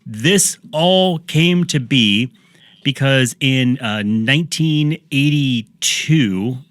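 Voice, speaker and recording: Bright, dry-witted male podcast host. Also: medium pitch, expressive, drawn-out words, dry recording. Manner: dry, wry teasing. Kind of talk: casual chat.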